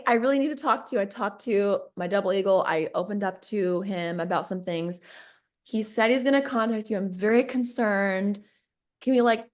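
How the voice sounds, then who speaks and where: A woman telling a personal story in a casual podcast chat, reenacting conversations and laughing often. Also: medium pitch.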